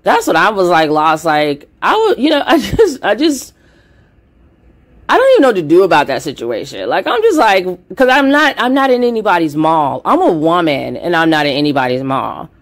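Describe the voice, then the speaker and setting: A woman's voice: fairly low pitch, very animated, moderate pace. A woman giving a blunt, heated commentary monologue, with frequent swearing. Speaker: commentary vlogger.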